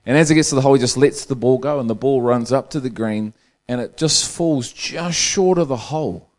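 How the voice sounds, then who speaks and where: A man's voice: medium pitch, brisk, darkish tone. A man preaching a humorous sermon, telling a long joke as a storyteller who chuckles through his own punchlines.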